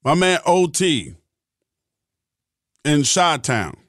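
A man's voice: a little high, big pitch swings, extremely slow, dry recording, clean studio sound. A middle-aged man hosting a podcast, talking in a blunt, profane and emphatic monologue. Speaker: podcast host.

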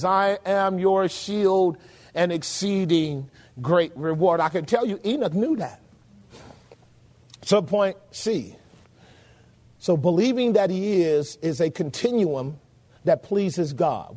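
A man pastor delivering a sermon, questioning the congregation, shouting some lines and dropping to a low murmur on others. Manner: preaches with shouted emphasis and sudden drops to a low murmur.

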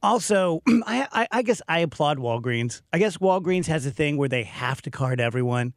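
A man chatting casually as a co-host, telling stories in an animated, self-mocking way. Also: fairly high pitch, moderate pace, no room sound, studio quality. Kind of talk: casual chat.

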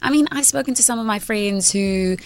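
A woman's voice: mid-range voice, brisk. A woman co-hosting a radio show who speaks in a thoughtful, curious way. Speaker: radio co-host. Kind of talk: casual radio chat.

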